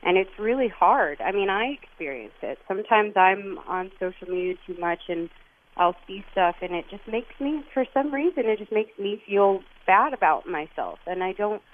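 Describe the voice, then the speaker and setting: A woman's voice: mid-range voice, animated, moderate pace. A woman from Texas, a guest on a phone interview, who speaks in an earnest, reflective way and often restarts her sentences. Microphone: phone line. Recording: tinny phone line.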